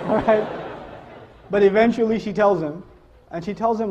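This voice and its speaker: A man with a high voice gives a playful lecture, joking and laughing as he tells stories to his listeners. The recording sounds dull and lo-fi. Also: unhurried, noisy background. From Pakistan. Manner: joking, animated storytelling, laughs often. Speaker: Islamic speaker. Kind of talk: lively lecture to a live audience.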